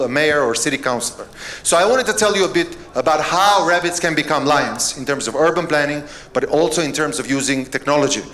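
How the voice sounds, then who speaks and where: A middle-aged man from Albania, a mayor giving a conference keynote, telling jokes and stories in a relaxed, self-deprecating way. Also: fairly high pitch. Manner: joking, storytelling, self-deprecating.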